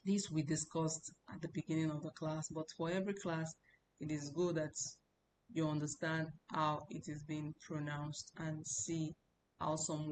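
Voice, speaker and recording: A woman's voice: sits low, slight background noise, rough recording. A woman teaching a language class, repeating words and drilling the tones. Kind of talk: classroom lesson.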